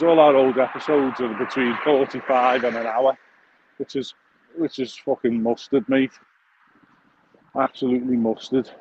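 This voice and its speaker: A podcast host rambles crudely and jokily, swearing and restarting his sentences as he walks outdoors. The sound is dull and lo-fi from a phone mic. A faint hum of the street sits behind his mid-range voice. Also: mid-range voice. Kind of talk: rambling casual monologue. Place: outdoors, walking along a street.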